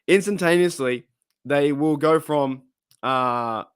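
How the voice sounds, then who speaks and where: Hoarse Australian man hosting a livestream. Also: medium pitch, moderate pace, pauses often, fairly bright tone, no echo, clean studio sound. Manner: chatty, rambling, reading out viewer comments. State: hoarse, voice cracking. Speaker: livestream host. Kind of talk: casual live chat with viewers. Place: home room.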